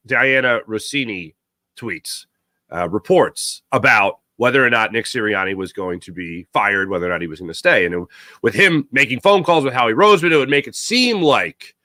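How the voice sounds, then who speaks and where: A man hosting a solo sports talk show, rambling and opinionated, with fillers and self-corrections, growing louder and higher as he gets worked up. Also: dry recording, clean studio sound.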